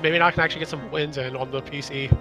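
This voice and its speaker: A man's voice: on the high side, fairly even intonation, racing, music in the background. A young man streaming a shooter game, chatting casually with friends and swearing at his teammates. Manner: swearing, reacting to gameplay. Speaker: streamer playing an online shooter. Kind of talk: casual gaming chat.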